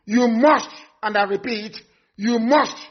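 High-pitched, stern man. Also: slow. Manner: stern, repetitive warnings, rises to shouts. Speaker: activist broadcaster. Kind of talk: live broadcast address. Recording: dull lo-fi broadcast audio.

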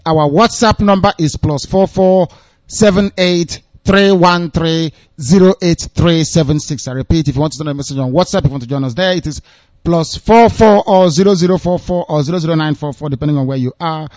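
A man's voice: fairly high pitch, fairly quick, darkish tone, dry recording. Formal male radio call-in host. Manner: formal, repeats phrases, polite thanks. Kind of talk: live call-in radio hosting. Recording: muffled dry radio broadcast.

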